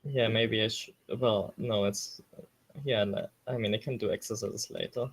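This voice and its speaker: A man's voice: on the low side, fairly even intonation, normal speed, creaky, breathy edge. A man playing in a casual tabletop game, making dry, blunt remarks and reading out rules. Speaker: player.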